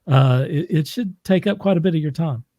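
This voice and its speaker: A man hosting a podcast interview, talking in halting, stop-start phrases. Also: a little high, warm tone, no room sound. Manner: halting, with many restarts. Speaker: podcast host.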